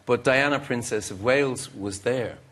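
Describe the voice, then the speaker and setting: A middle-aged Irishman, a musician appearing as a guest on a chat show, spins a long, rambling anecdote, interrupting himself to act out what people said. He speaks at a moderate pace with a medium-pitched, slightly bright voice.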